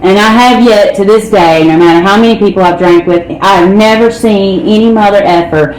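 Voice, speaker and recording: A woman's voice: mid-range voice, brisk, darkish tone. Blunt woman in an echoey room. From North Carolina, United States. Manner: candid and blunt, with frequent "man" and "you know". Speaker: recovery speaker. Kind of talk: personal recovery testimony. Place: meeting hall. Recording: echoey room with faint ambient noise.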